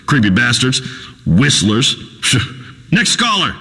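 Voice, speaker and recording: An actor playing a crude, boastful redneck talk radio host in a video game, ranting in a folksy drawl. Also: male voice, medium pitch, huge pitch swings, takes it slowly, slightly rough, big-room sound, exaggerated voice. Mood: swaggering. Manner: loud folksy swaggering rant, Southern drawl.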